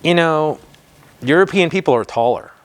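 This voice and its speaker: A man's voice: on the high side, animated, moderate pace, clean tone. A man, telling stories in a casual interview in a laid-back, slangy way and swearing freely. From United States. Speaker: interview guest, graffiti writer.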